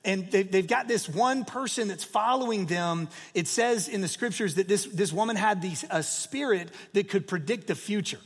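A man in his forties preaching a sermon, telling a story in a relaxed, conversational way with plenty of fillers. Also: sits high, moderate pace, hardly any pauses, slightly rough, big-room sound. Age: 40s. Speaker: pastor.

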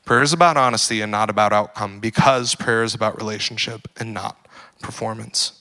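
A young adult man preaching a casual sermon, joking and full of fillers, building to animated emphasis. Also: on the low side, brisk. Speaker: pastor.

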